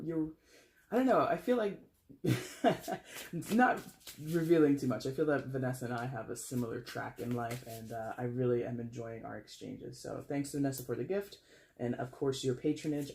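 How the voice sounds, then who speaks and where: A man talks viewers through a tarot reading in a relaxed, chatty vlog. His voice sits at an ordinary middle pitch. He rambles and corrects himself as he goes, over faint background noise. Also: creaky. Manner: addresses viewers as guys. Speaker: tarot reader.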